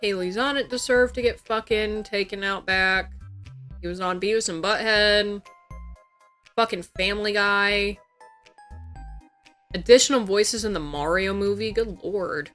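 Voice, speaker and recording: A woman's voice: medium pitch, a little slow, long pauses, a bit bright. Young woman streamer, just chatting, cussing a lot, faint music behind. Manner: swears freely, exclaims in disbelief. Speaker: livestreamer. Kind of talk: casual chat.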